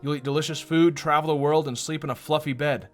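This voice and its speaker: A man voicing a frail, gentle young woman who is ill, speaking softly and tenderly. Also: a little high, fairly even intonation, fast, faint music behind, voice pushed up, natural voice.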